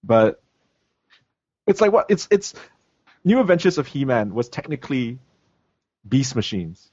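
A man in relaxed, rambling conversation, his pitch leaping up and down as he talks, chuckling now and then. The sound is dull and lo-fi, very dry with no room around it. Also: unhurried, slightly rough, dry recording. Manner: animated, chuckles often, rambling. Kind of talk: casual chat about retro cartoons and toys.

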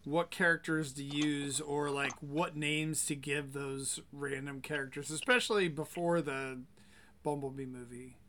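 Man, podcast co-host, higher bright voice, asks questions, faint noise. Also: steady tone, unhurried. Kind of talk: casual podcast chat.

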